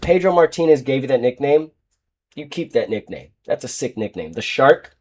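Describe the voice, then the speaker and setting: Young guy rattling off his betting picks, blunt and jokey, trash talks teams, normal pitched voice. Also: big pitch swings, normal speed, darkish tone. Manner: blunt, joking, trash-talking teams and players. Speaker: sports betting show host. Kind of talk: casual sports betting picks talk.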